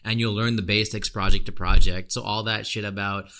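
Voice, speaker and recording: Deep-voiced blunt podcast guy. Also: level tone, a little fast, sharp tone. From United States. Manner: blunt, slangy, ranting with lots of "dude" and "you know". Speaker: podcast host. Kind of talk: casual podcast monologue.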